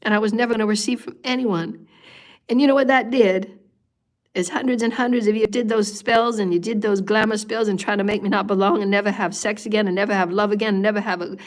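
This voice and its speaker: A woman's voice: mid-range voice, fairly even intonation, fast talker. A woman hosting a live meditation and giving an intense spiritual talk. She repeats phrases in a pleading way and sometimes drops to a whisper.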